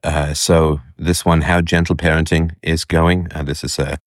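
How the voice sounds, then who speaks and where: A man giving commentary as he reads an article and reacts to a clip, halting with fillers and scornful asides. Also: a bass voice, little pitch movement, no echo, studio quality.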